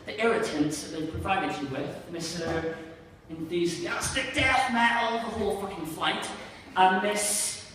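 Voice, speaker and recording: A young Northern Irish comedian rambles through a sardonic, self-deprecating set in a small venue, speaking unhurriedly with hardly any pauses in a high, fairly bright voice. The distant mic picks up an echoey hall, audience laughter and slight background noise.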